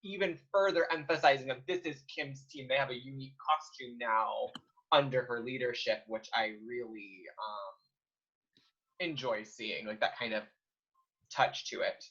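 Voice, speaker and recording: A man's voice: mid-range voice, moderate pace, a bit bright, slightly rough. A man co-hosting a podcast, talking casually and thoughtfully with some hesitations. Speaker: podcast co-host. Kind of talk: casual chat. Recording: dull lo-fi sound.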